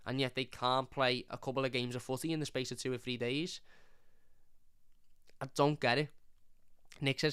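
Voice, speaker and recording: A man's voice: mid-range voice, steady tone, normal speed, pushed and bright, smooth, no echo, clean studio sound. A young man hosting a fan channel, giving a frank, rambling live review of a football match, often restarting his words.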